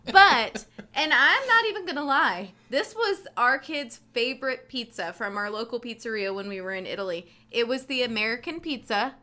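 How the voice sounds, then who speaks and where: Bubbly high-voiced woman co-host. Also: normal speed. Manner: animated, giggly, self-deprecating. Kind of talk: casual morning show banter.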